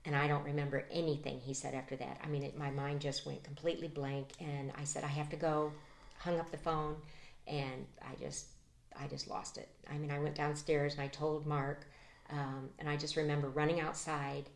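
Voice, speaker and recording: A middle-aged woman with a low, soft voice shares a personal testimony in an interview. She speaks haltingly, with frequent ums, pauses and restarts. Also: slight background noise. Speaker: interview guest.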